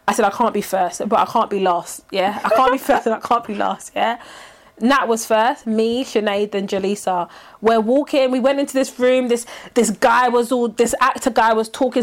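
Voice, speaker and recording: A woman telling a scary story in casual chat as podcast co-host, animated and laughing as she acts out quotes. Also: a little high.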